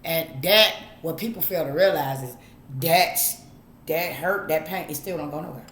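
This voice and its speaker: A middle-aged woman vlogger addresses her viewers directly with blunt, preachy advice, drawling and cursing freely in a casual monologue. Her low voice is a bit bright and moves at a moderate pace, with reverb and a slight hiss or hum.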